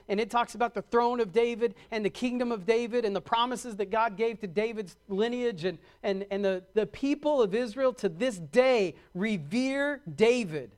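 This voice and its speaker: A middle-aged man preaching a sermon as a pastor, building emphasis and acting out short asides. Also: high-pitched. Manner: preaching with rising emphasis and quick acted-out asides.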